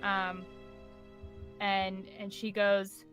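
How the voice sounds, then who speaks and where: A woman's voice: fairly high pitch, moderate pace, sharp tone, faint music behind. A woman narrating and running a tabletop role-playing game, describing scenes casually with frequent fillers. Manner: laughs often and describes scenes with many fillers. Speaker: game master.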